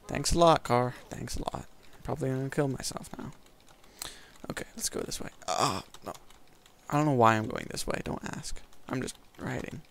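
With a gravelly, mid-range voice that is a bit bright, a young man rambles through let's-play commentary, joking and running himself down as he plays. A little hiss or hum sits on the recording.

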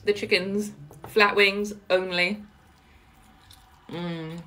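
A woman's voice: mid-range voice, fairly even intonation, bright, forceful tone, slight background noise. A woman from Wales with a faded Welsh accent blended with London, chatting casually while eating on camera. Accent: faded Welsh mixed with London. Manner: chatty, eating between words, slow and unhurried. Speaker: mukbang vlogger.

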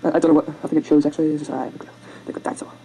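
A fast-talking amateur video maker casually retelling a film over rough sketches, rambling, self-mocking, and tripping over words. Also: medium pitch, little pitch movement, noisy background. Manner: makes silly sound effects and character voices.

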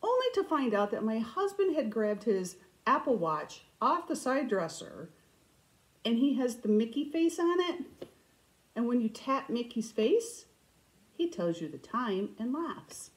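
Animated middle-aged woman telling stories. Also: a little high, measured pace, rough recording. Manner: animated, self-mocking humor. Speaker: cross-stitch vlog host. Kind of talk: casual storytelling chat.

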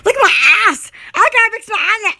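A woman's voice: very high-pitched, lively intonation, brisk, gravelly, bright, forceful tone. A woman vlogger chatting to the camera in a rambling, theatrical way, often breaking into laughter. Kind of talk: rambling casual chat to camera.

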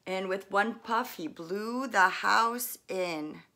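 This is a woman, by trade a fitness coach, whose mid-range voice carries a gentle read-aloud of a children's story, with soft pauses to describe what the pictures show.

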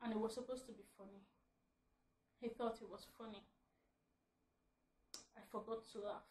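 A woman vlogger ranting at home, animated and often breaking into laughter. Her voice sits high, and the room adds a noticeable echo. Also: normal speed, a little hiss or hum. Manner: animated, laughing mid-rant. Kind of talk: ranting vlog.

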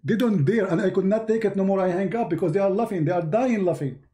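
A man with an Arabic accent, a native Arabic speaker from the Middle East, hosting a livestream and telling stories in a mocking, animated way. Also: high-pitched, quick pace. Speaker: host. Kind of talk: livestream commentary.

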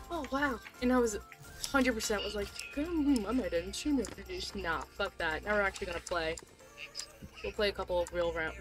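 A young woman streaming live with a high, bright-sounding voice. She chats casually and excitably with her viewers and swears freely, with music playing clearly in the background.

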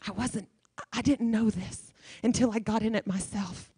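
A woman's voice: medium pitch, steady tone, normal speed, dark tone, husky, dry recording. A woman guest speaker preaching a sermon in church, emphatic and repeating her key phrases.

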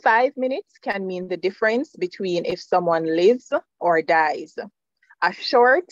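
A woman, a nursing lecturer, gives a measured, firm presentation to students. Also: mid-range voice, no echo, lo-fi sound.

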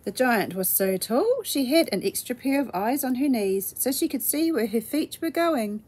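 A woman reading a children's storybook aloud in a gentle, measured way. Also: fairly high pitch, big pitch swings, slightly rough.

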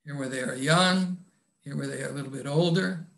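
An older man, an author, reading aloud from his own novel in a reflective, measured way and adding his own comments. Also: fairly high pitch, vocal fry, a bit bright.

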